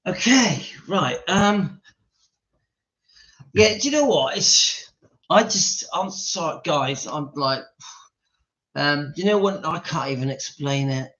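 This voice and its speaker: A man with a fairly high, animated voice talks slowly, leaving long pauses, in a fairly bright tone. He's hosting a casual stream from his home, giggling repeatedly and chatting with his dog between remarks. The indoor audio is dull and lo-fi.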